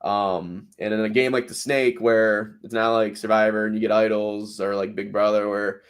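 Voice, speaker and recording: A man's voice: on the low side, little pitch movement, normal speed, clear, resonant tone. A man hosting a podcast, chatting casually about a reality show with fillers and frequent laughs. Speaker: podcast host. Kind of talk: casual recap chat.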